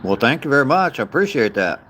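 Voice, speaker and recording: A man's voice: mid-range voice, sing-song, fast, a bit bright, a little hiss or hum. An older man chatting casually on a livestream while walking outdoors, greeting viewers by name and chuckling at their comments. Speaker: livestreamer reading viewer chat. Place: outdoors on a walk.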